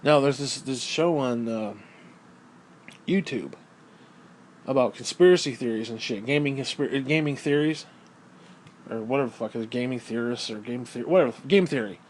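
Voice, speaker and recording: A man's voice: medium pitch, moderate pace, pauses often, slight background noise. A man delivering a crude, heated monologue, swearing constantly and repeating phrases for emphasis. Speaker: video creator. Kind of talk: profane ranting monologue.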